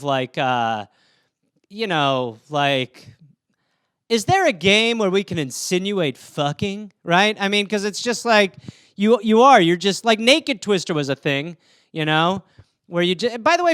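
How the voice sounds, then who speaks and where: A man's voice: high voice, expressive, unhurried, fairly bright tone, clean tone, no echo, studio quality. A man hosting a podcast solo, riffing comedically through listener topics and slipping into goofy character voices.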